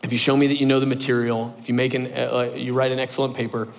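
A man voicing a stern female college professor in a lowered, flat, measured tone. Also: vocal fry, long reverb tail, close to an everyday voice. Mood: stern, businesslike.

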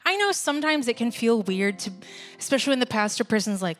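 A woman's voice: mid-range voice, lively intonation, fast, a bit bright, soft background music. A woman leading a church service, talking casually and laughing at herself. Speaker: worship leader. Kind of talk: sermon with casual asides.

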